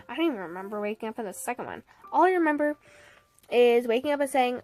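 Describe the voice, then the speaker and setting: A woman's voice: fairly high pitch, quick pace, soft background music. Chatty young woman with laughs. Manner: animated, laughs often, quotes people. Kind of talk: casual storytelling vlog.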